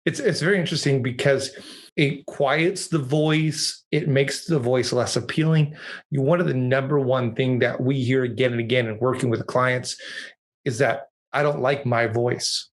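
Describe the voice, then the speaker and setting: A man hosting a podcast over a video call, making measured coaching points and steering the conversation. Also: mid-range voice, steady tone. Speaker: podcast host.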